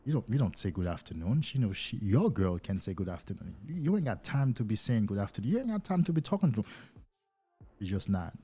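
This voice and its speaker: A man who is not a native English speaker, a life coach talking to viewers on a livestream in an animated way, acting out little scenes. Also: medium pitch, a little fast, husky, faint music behind.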